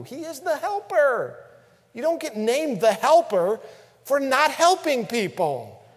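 High-voiced man preaching a sermon. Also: sing-song, takes it slowly, husky, big-room sound. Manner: preaching with dramatic swings between hushed and loud. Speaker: pastor.

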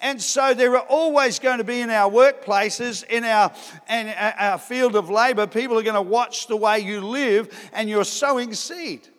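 Male pastor mid-sermon, high-pitched, emphatic swells and soft asides, echoing church hall. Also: normal speed, clear, resonant tone. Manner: preaching with rising emphatic bursts and quiet asides. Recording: long hall reverb.

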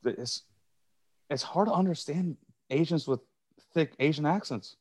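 Chinese-raised man, calm and explanatory. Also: fairly high pitch, normal speed, husky. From China. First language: Mandarin. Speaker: guest. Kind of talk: casual podcast chat.

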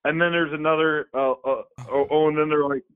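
Male podcast co-host, slightly high voice, chatty and rambling; dry, phone-like sound. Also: brisk, clean tone, no room sound. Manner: rambling, animated retelling with many fillers and laughs. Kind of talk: casual chat.

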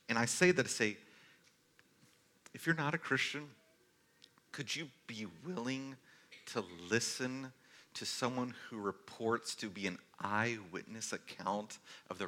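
A man in his thirties preaching a sermon as pastor, telling stories earnestly and moving between forceful and hushed delivery. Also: lowish voice. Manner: earnest storytelling, varies loudness from forceful to hushed.

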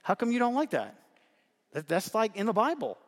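A man's voice: high-pitched, huge pitch swings, normal speed. A man preaching a sermon, talking conversationally and building to emphatic repeated lines. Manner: conversational preaching, shifts between soft asides and emphatic repetition. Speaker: pastor. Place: church sanctuary. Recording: reverberant hall.

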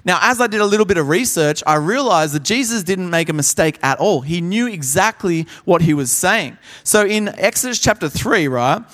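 A young man preaching a sermon at a conference, telling stories with animated energy and acting out the people in them. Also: high-pitched, normal speed, hardly any pauses, long reverb tail. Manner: animated storyteller, acts out voices. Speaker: pastor. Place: large conference hall.

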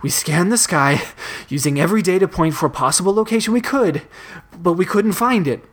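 Guy putting on a panicky out of breath young dude, voice pushed up high. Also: expressive, unhurried, slightly rough. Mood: alarmed.

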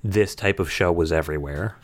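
A man's voice: low-pitched, fairly quick, no room sound, studio quality. A man co-hosting a podcast in casual chat, opinionated and critical. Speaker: podcast co-host.

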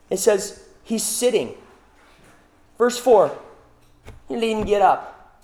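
Casual young male preacher. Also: high voice. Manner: casual, filler-heavy, rhetorical questions. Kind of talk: conversational sermon.

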